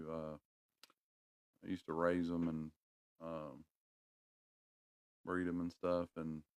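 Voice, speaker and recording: Deep-voiced North Carolina country man. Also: smooth, no room sound. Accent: Southern US, North Carolina. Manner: rambling, folksy, chuckling, talks to viewers. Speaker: livestream host. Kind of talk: casual livestream chat.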